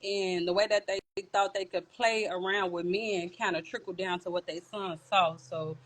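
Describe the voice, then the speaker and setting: A woman's voice: on the low side, fairly even intonation, normal speed, slight background noise. A woman speaking earnestly and plainly, giving her opinion in a casual conversation.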